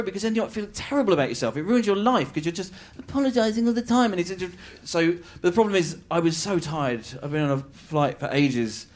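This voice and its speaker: A man doing stand-up comedy storytelling, animated and self-mocking, laughing through his lines. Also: high voice, fast, few pauses.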